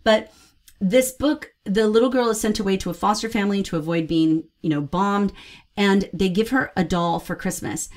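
A woman's voice: mid-range voice, normal speed. A woman hosting a casual book review, talking enthusiastically and expressively as she shares read-aloud tips. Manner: enthusiastic, expressive, gushing about books. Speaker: host reviewing children's books.

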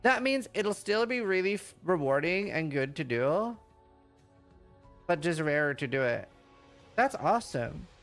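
Man, livestreamer, reading patch notes aloud, loud excited reactions, very animated pitch, faint background music. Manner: reads lines quickly, then reacts with loud excited outbursts. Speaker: streamer.

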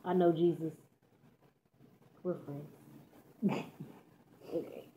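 A woman's voice: low voice, fairly even intonation, drawn-out words, a little hiss or hum. A teenage girl from Texas telling a story in casual, slangy chat, laughing as she goes. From Dallas, Texas. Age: teens. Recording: tinny phone-like audio.

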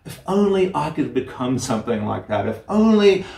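A man's voice: mid-range voice, big pitch swings, moderate pace, vocal fry, a little mellow. A man voicing a sad, lonely young male ugly duckling in a storybook reading, speaking wistfully. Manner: wistful, pleading. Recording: roomy, distant mic.

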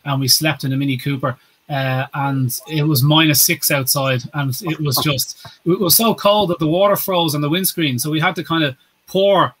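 Guy co-hosting a chatty podcast, bit higher voice, rambles and restarts a lot. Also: a bit bright, a little hiss or hum. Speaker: podcast co-host. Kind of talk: casual chat and sponsor read.

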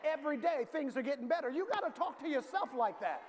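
A male pastor from the preaching a sermon in a large church, calling for responses and rising to shouts. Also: extremely high pitch, animated, fast talker, a little hiss or hum. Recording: reverberant hall, faint ambience.

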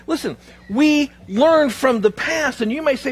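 A man's voice: very high-pitched, unhurried. A man preaching a sermon in church, with a humorous, self-deprecating storytelling manner. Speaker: pastor.

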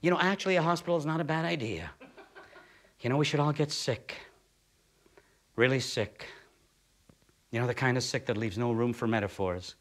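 A man's voice: mid-range voice, normal speed, pauses often. A man from Canada delivering a performed spoken essay as a theatre artist, sardonic, blunt and profane.

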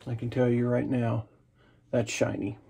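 A man's voice: mid-range voice, measured pace, creaky, husky. A man chatting casually and jokingly as he narrates his own shave in a vlog. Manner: relaxed, chatty and jokey while shaving. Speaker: wet shaving vlogger.

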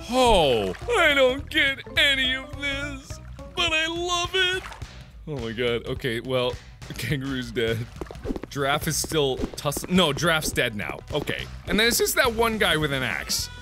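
An excitable young man narrates a chaotic online game, swearing and laughing between lines. His pitch is high and swings widely, yet his pace stays unhurried. Game music plays clearly behind him. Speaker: gaming video host. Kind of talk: let's play commentary.

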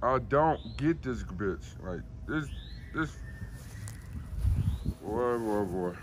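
A man talking casually to his dogs outdoors, calling them loudly and scolding them. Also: on the low side, animated, extremely slow, noisy background. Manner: calls and scolds his dogs, loud shouting commands. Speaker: dog owner.

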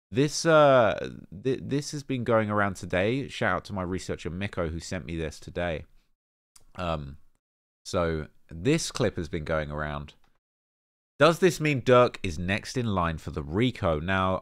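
A man hosting a rap commentary show, talking casually in slang with animated emphasis and lots of fillers. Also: fairly low pitch, clean tone, dry recording, studio quality. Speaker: host of a rap commentary channel.

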